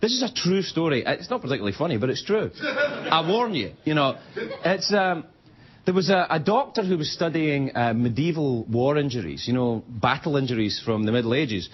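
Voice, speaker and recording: A man's voice: on the high side, expressive, moderate pace. A Scottish man hosting a late-night show, delivering a stand-up monologue with laughing asides and mock outrage. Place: TV studio with live audience. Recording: dull TV audio with loud audience laughter.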